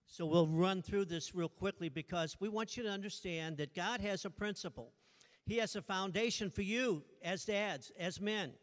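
Pastor guy, playful jokey sermon, big echoey church hall. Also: a little high. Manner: humorous, playful with the congregation. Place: church sanctuary. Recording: long church reverb.

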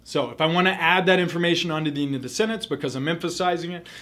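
A man tutoring for a test, explaining grammar rules in a clear, methodical lesson and repeating the key points. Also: fairly high pitch, racing, fairly bright tone.

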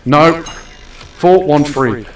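A young man's high-ish voice, animated and full of drawn-out words, carries casual live-stream commentary as he plays a game and playfully orders the customers around. He's far from the mic in an echoey room.

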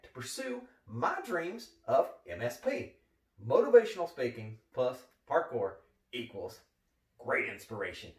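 In a comedy sketch monologue, a man plays an overeager retired gym teacher who wants to become a parkour motivational speaker, giving a pumped-up pep talk full of repeated catchphrases and frequent "all right?". His medium-pitched voice is close to everyday speech. He sounds distant from the mic in an echoey room.

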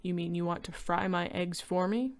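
A woman voicing a calm, reassuring husband in a story reading. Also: lowish voice, moderate pace, close to an everyday voice. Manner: soothing, reassuring. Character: calm, amused husband, adult man. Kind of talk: reading a short story aloud.

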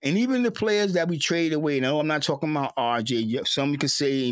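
A man's voice: on the high side, fast talker, hardly any pauses, clean tone, no room sound. A man giving an emotional, repetitive sports rant as a fan commentator, stammering at times.

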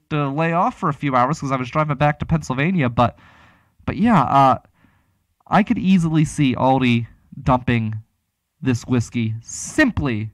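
A man's voice: fairly high pitch, dry recording. A man hosting a casual talk show, rambling and chatty, with many restarts. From Pittsburgh area. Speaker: radio talk show host.

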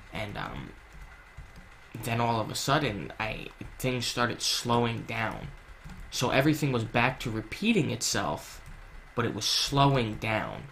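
This gaming channel host talks through a personal story as he plays, earnest and confessional yet casual, swearing heavily and piling on fillers and restarted sentences. His mid-range voice is creaky and a bit bright, and there's a little hiss or hum.

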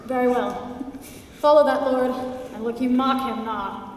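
Woman acting a brooding young prince, high voice, theatrical, far off in an echoey hall. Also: steady tone, unhurried, very noisy, close to an everyday voice. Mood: declaiming. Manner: theatrical, wry, impassioned. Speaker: stage actor. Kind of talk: live stage play performance. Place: theater stage.

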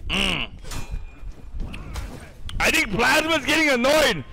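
Male streamer, excitable game commentator; high, gravelly voice, loud and profane. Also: slow pace, poor audio. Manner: excitable, swears a lot, yells at chat.

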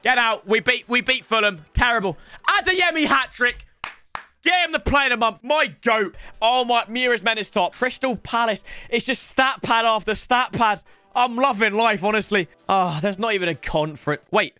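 A young man giving live video game commentary, chatty and slangy, breaking into loud excited outbursts as he talks to his viewers. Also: very high-pitched, normal speed, smooth, no room sound, soft background music. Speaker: gaming YouTuber.

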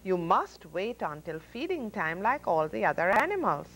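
A woman's voice: medium pitch, sing-song, moderate pace, a bit bright, low-quality recording. A woman voicing old Noah, a weary, patient man in charge of a boatful of animals, in a storybook read-aloud. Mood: coaxing.

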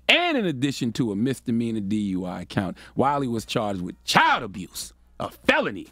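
A man's voice: medium pitch, no echo. A man co-hosting a morning radio show, telling a news story as a playful, mocking comedy bit into a studio microphone.

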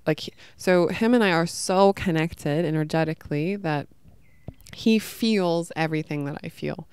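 Woman, podcast host, rambling emotional storytelling, smooth voice, dry recording. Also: deep voice, darkish tone, no echo. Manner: emotional, rambling, many fillers. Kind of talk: personal storytelling.

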